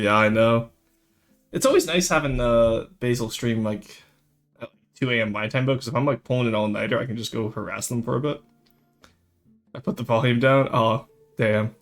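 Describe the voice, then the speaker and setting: A man chatting casually on a live stream, animated and rambling, quick to laugh. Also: medium pitch.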